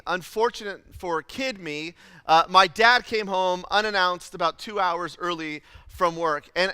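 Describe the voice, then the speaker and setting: A man preaching a sermon as pastor, telling a childhood story in an animated, self-deprecating way with lots of fillers. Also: high voice, clean tone, dry recording, big-room sound. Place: church auditorium.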